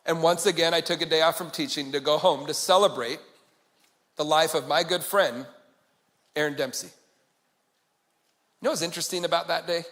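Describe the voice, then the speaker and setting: A man giving a motivational conference keynote, telling a personal story in an earnest way that swings from quiet to emphatic. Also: a little high, fairly even intonation, moderate pace, pauses often. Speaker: conference speaker. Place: large conference hall. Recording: long hall reverb.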